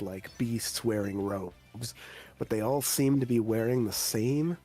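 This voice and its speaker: A man narrating as game master of a tabletop game, describing scenes in a steady storytelling manner. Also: lowish voice.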